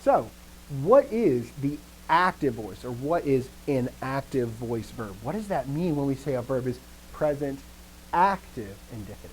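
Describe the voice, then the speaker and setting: A man's voice: medium pitch, a little slow, slight background noise, poor audio. A man teaching a live grammar lesson, asking the class questions and restarting his sentences as he thinks. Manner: lively, asks questions and answers himself.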